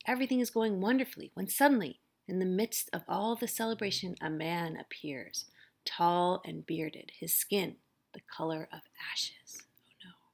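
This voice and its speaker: A woman's voice: on the low side, creaky. A woman teacher reading a picture book aloud, narrating expressively. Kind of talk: storybook read-aloud.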